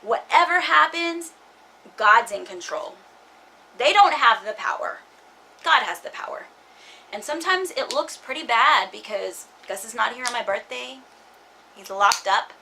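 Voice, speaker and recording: A woman's voice: medium pitch, sharp tone, a little hiss or hum, poor audio. A young woman vlogging casually, rambling with many fillers and restarts. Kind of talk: casual personal vlog.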